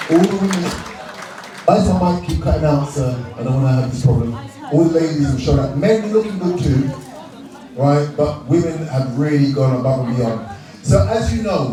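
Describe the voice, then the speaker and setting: A British man emceeing an awards night, joking and laughing with the crowd as he calls out to them. His voice sits a little high for a man. He is picked up on a handheld mic from some distance in a very echoey hall, with a lively crowd clearly audible behind him. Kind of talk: live crowd-work emcee banter. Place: large indoor event hall with a live crowd. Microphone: handheld microphone.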